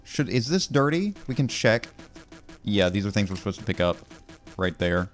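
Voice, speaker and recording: A man's voice: lowish voice, sing-song, moderate pace, soft background music. A young man doing casual gameplay commentary, telling rambling, wry stories with lots of fillers. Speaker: gaming video creator.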